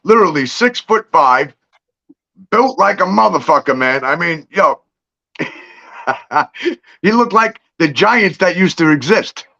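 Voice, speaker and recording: A man's voice: on the high side, takes it slowly, creaky, pauses often, muffled recording. A man telling street stories in casual livestream chat, swearing freely and laughing between lines. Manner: profane, animated storytelling with laughs. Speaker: livestream guest.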